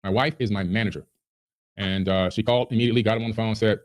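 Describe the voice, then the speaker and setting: A man's voice: fairly low pitch, steady tone, quick pace. A man on a podcast, ranting in a heated, indignant way. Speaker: podcast guest. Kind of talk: agitated podcast rant.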